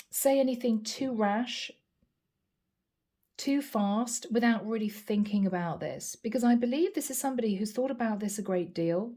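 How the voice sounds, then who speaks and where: Mellow-voiced woman giving a calm tarot reading. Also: a little high. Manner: calm, reassuring, repeats key phrases; addresses the listener directly by sign. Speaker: tarot reader.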